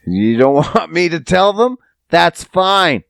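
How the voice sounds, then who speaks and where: A man's voice: on the high side, sing-song, takes it slowly, gravelly, a bit bright, clean tone, dry recording. A man hosting a podcast who talks to his listeners in a casual, rambling monologue, swearing freely and joking. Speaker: podcast host.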